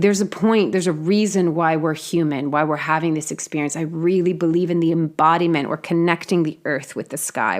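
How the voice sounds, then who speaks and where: A woman giving a reflective monologue on healing, talking earnestly and casually, with frequent fillers and the odd swear word. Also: low voice. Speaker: spiritual healing host.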